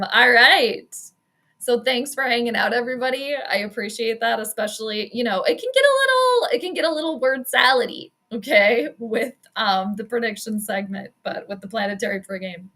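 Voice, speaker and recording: Bright-voiced woman streamer. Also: on the high side. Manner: chatty, quick reactions, frequent laughs and self-deprecating asides. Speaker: sports astrology streamer and commentator. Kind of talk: casual live-stream game commentary.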